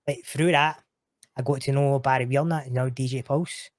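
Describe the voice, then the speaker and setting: A Scottish man spins long stories in a relaxed chat, animated and full of swearing. His voice sits at an ordinary middle pitch. The recording is dry and close. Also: a little fast, dry recording. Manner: animated, sweary, quotes others in raised voice. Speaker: guest. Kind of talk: casual storytelling chat.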